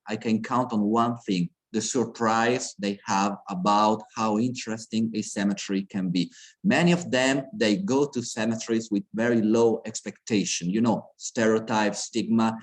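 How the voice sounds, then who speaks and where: A middle-aged man with an Italian accent, a university lecturer giving an earnest conference talk over a video call and often restarting his sentences. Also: mid-range voice.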